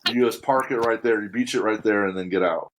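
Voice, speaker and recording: A man's voice: fairly low pitch, fairly quick, noisy background. Easygoing male podcast host. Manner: joking, easygoing, chuckles. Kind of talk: casual interview chat.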